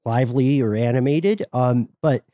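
A man co-hosting a casual history podcast, retelling events in an animated way and jumping into voiced quotes. His sound is dry and close, with no room around it. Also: medium pitch, moderate pace, no echo. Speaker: podcast co-host.

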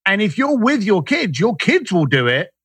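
A man tells stories as an interview guest, and his high voice swoops up and down as he acts out the lines of people he quotes. His tone is bright and a little husky. The recording is close and dry. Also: normal speed, no echo. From Irish, raised in East London. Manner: animated, acts out quoted dialogue. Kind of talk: storytelling interview talk.

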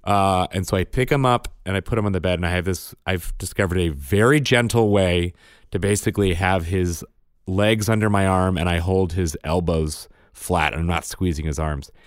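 A man's voice: sits low, moderate pace, no room sound, clean studio sound. A man, a father, telling a parenting story in casual chat, matter-of-fact in tone. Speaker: podcast co-host and father.

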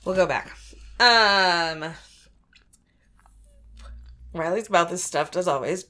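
A woman's voice: fairly low pitch, takes it slowly, pushed and bright. A woman co-hosting a podcast in a chatty, crude, joking way. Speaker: podcast co-host. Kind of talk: casual chat.

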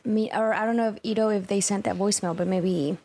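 A woman's voice: medium pitch, steady tone, fast talker, warm tone, a little hiss or hum. A woman co-hosting a podcast, reading viewer messages aloud and laughing often. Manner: upbeat, laughs often while reading names. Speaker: podcast co-host reading super chats. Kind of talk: casual chat.

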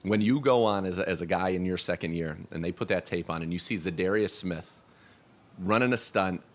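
A man's voice: low-pitched, a little fast. A man hosting a sports radio show, asking long, enthusiastic questions.

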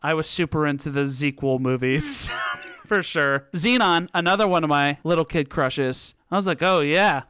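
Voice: mid-range voice, lively intonation, normal speed, a bit bright, slight background noise. A podcast host chatting casually about old movies, laughing often and making sarcastic asides. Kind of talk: casual chat and show outro.

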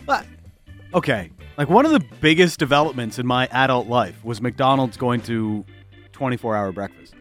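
A man's voice: medium pitch, expressive, moderate pace, a bit bright, soft background music. A married man hosting a casual podcast chat, playful, laughing often and steering the topics. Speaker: podcast host.

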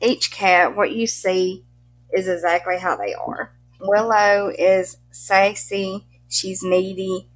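A woman's voice: mid-range voice, slow, slight background noise. A middle-aged woman from Mississippi with a strong Southern accent, chatting as an interview guest, laughing often and using country turns of phrase. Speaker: guest, pet content creator. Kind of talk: casual interview chat.

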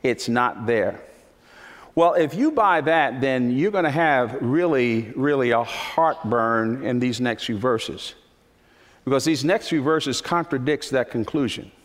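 A man's voice: medium pitch, expressive, a little slow. A man preaching a sermon as pastor, emphatic, repeating key phrases for effect. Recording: long reverb of a large hall.

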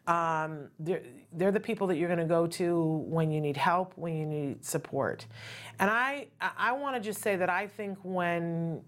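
In a measured pace and fairly low voice, a middle-aged woman hosts a talk show, offering a casual monologue. Her tone is earnest and conversational, punctuated by frequent "right?"

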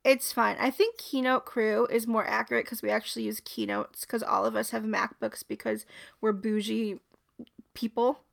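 A young woman chatting on a podcast, rambling from one story to the next and laughing as she goes. Her voice sits a touch high and carries a gravelly, fry-laden texture. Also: normal speed. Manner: giggly, rambling and animated. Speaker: podcast co-host. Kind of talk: casual chat.

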